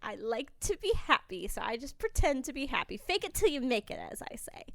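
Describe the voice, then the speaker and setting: A woman's voice: high voice, big pitch swings, brisk, vocal fry, no echo, studio quality. A young woman co-hosting a podcast, talking candidly and rambling a little, with frequent laughs. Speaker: podcast co-host. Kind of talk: casual chat.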